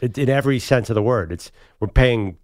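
A man co-hosting a studio sports talk show, arguing his point in a fast, emphatic way. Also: medium pitch, no room sound. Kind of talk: casual studio debate. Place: studio set.

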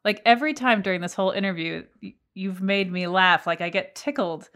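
A woman interviewing a guest, effusive and chatty as she sets up her questions. She talks in a medium pitch, with nothing unusual about her voice. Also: a little fast, a bit bright. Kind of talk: interview conversation.

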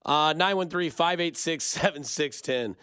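A man hosting a sports call-in radio show, reacting to callers in a dry, low-key, deadpan way. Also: a little slow, clean tone, no room sound. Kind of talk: casual call-in radio chat.

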